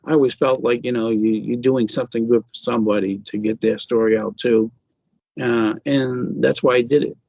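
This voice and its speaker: A man's gravelly, husky voice comes through in a casual interview. He talks haltingly, full of fillers and restarts. The sound is dry and a little dull, lo-fi. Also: medium pitch, fairly even intonation, no echo. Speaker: author guest.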